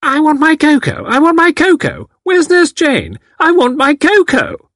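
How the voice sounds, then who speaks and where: A man voicing a frail, stubborn elderly woman in a loud, shrill voice. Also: huge pitch swings, unhurried, no room sound, clean studio sound, full character voice. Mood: querulous.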